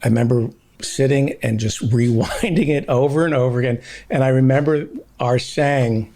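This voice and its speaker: A middle-aged man hosting a podcast, reminiscing in casual chat and quick to laugh. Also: mid-range voice, fairly even intonation, mellow.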